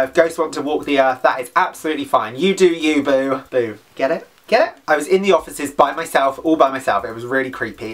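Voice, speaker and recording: A man's voice: a little high, a bit bright. A man vlogging a casual storytime, chatty and dramatic with playful asides.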